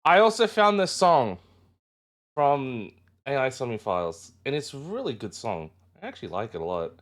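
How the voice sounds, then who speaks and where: Animated chatty male streamer. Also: medium pitch, moderate pace. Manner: chatty, greets chat members one by one; animated, jumps up into excited yelps. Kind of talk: casual live-stream chat.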